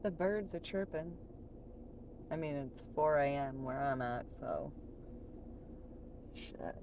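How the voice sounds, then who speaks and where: A woman talks in a slow, unhurried drawl on a late-night livestream from home. She is chatty and profane, laughs often, and answers her chat as she goes. A faint hum of noise sits behind her voice. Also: deep voice.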